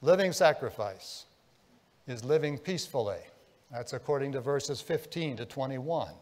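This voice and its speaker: A man preaching a sermon as pastor, telling a story, dropping to a hush and then rising with feeling. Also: mid-range voice, normal speed. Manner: storytelling, swinging between hushed and impassioned. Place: church sanctuary. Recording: long church reverb.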